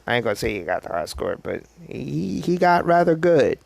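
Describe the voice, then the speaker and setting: A man's voice: mid-range voice, expressive, normal speed, creaky, few pauses, no room sound. A man casually narrating an improvised fan story, rambling and self-deprecating.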